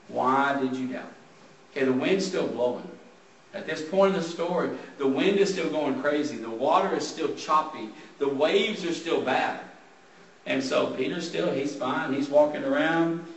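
A man preaching a sermon in a church hall, talking casually as he reads scripture aloud and explains it. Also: on the high side. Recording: roomy sound from a distant mic.

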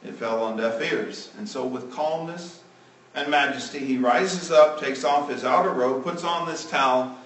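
A male preacher delivering a sermon, swinging between loud emphatic lines and hushed, trailing phrase endings. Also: medium pitch, measured pace, far from the mic, a little hiss or hum. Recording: roomy, from off the mic.

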